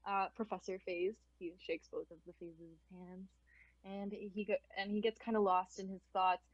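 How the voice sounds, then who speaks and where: A woman's voice: medium pitch, fairly even intonation, moderate pace, dry recording, lo-fi sound. A young woman narrating a tabletop game as game master, casual and giggly, with lots of fillers.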